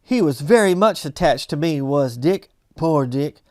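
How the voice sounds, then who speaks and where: A man's voice: a little high, expressive, measured pace, a little mellow, dry recording, clean studio sound. A man voicing an old man stirred by memories of his youth. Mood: wistful. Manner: wistful exclamations.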